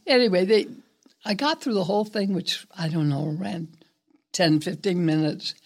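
An older woman, a guest actress, telling stories in an interview in a reflective, unhurried, somewhat hesitant way. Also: on the low side. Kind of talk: interview storytelling.

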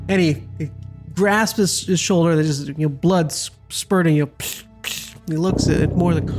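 A game master narrating and running a tabletop role-playing game, describing scenes with lively, stop-start delivery. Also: medium pitch, moderate pace, music in the background. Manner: lively narration, frequent restarts.

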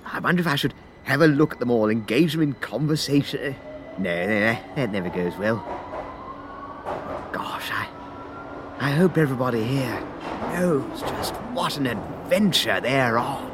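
A man's voice: mid-range voice, lively intonation, normal speed, noisy background. A man narrating a comic audio sketch, bumbling and chatty, talking to listeners as his friends.

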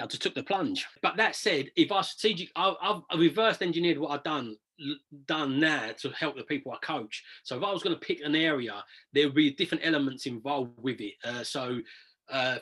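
Guy rattling on fast about property deals, husky voice a bit on the high side. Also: fairly bright tone. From southern England. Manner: chatty, rambling, repeats words when restarting. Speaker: property investor and coach. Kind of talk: casual interview storytelling.

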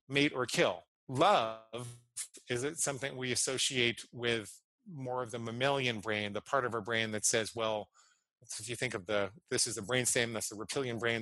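A man in his fifties, a podcast guest, earnestly telling a personal story and explaining ideas, slowing down to stress key words. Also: mid-range voice, sharp tone, dry recording, low-quality recording.

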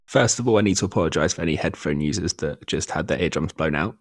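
A man's voice: a bass voice, quick pace, hardly any pauses. A man co-hosting a casual podcast, sounding sick, with a teasing, wry manner. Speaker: podcast co-host. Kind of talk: casual chat.

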